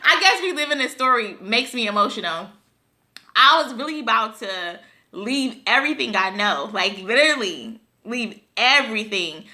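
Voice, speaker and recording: Young woman from buffalo, storytime vlog, chatty and heartfelt, very bright voice, a bit high. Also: animated, moderate pace. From Buffalo, New York. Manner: chatty, addresses viewers as y'all, emotional retelling. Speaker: vlogger.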